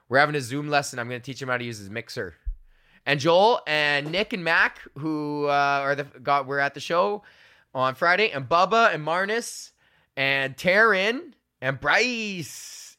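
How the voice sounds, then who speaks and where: A man's voice: fairly high pitch, sharp tone, clear, resonant tone. A young man hosting a podcast, telling casual stories in a loose, profane, filler-heavy way. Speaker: podcast host. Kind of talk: casual rambling monologue.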